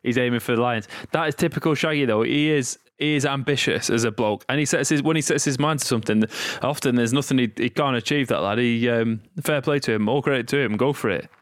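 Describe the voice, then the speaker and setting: Easygoing young rugby player. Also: male voice, medium pitch, fast talker, few pauses, no room sound, studio quality. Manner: laid-back, rambling with fillers. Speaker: rugby player, podcast co-host. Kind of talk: casual chat.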